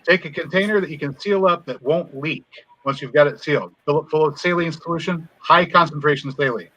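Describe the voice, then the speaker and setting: A man's voice: fairly high pitch, fairly quick, pushed and bright, no echo. Dry-joking man on a dull mic. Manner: dry joking, explains step by step. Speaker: homesteader on a live chat. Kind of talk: casual chat.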